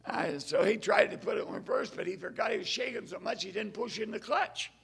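An older man preaches with fervor, telling stories from the pulpit and moving between loud exclamations and hushed asides. His voice sits very high, with a gravelly, husky grain. The tone is sharp and bright. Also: expressive, brisk. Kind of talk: storytelling sermon.

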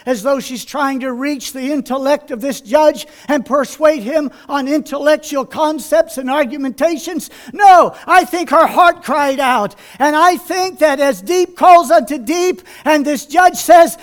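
A male preacher delivering an impassioned sermon, dropping to hushed tones and rising to shouts. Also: very high voice, unhurried, few pauses.

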